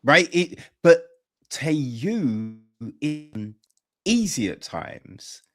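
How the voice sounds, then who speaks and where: A man's voice: on the high side, big pitch swings, extremely slow, a bit bright. A man hosting a podcast interview, talking in a rambling casual way and often asking "right?" for agreement. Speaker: podcast host.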